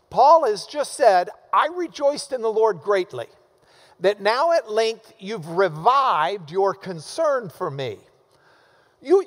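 A man's voice: high-pitched, big-room sound. A man teaching a church Bible class in a conversational way, often restarting his sentences. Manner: conversational, with frequent restarts and repetitions.

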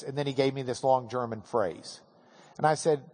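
A man teaching a Bible class, telling an animated, self-deprecating story. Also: mid-range voice, moderate pace, vocal fry, husky. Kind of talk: storytelling lecture. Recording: hall with long reverb.

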